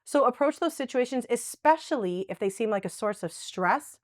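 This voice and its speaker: A woman's voice: on the high side, expressive, moderate pace, dry recording, clean studio sound. A woman presenting a live dementia workshop, chatty and conversational, often checking in with "right?". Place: workshop room with a live audience.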